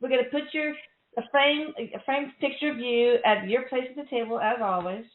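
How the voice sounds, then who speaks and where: A woman's voice: a little high, fairly even intonation, normal speed. A middle-aged woman hosting a radio show, chatting casually and rambling with restarts. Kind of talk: casual chat. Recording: echoey, tinny phone-like line.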